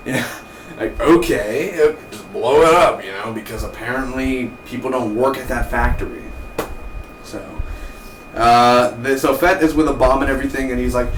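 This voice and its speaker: A man casually recapping a TV episode, rambling and acting out the characters' lines in quick offhand impressions. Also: mid-range voice. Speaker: TV review vlogger. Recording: roomy, distant from the mic, faint noise.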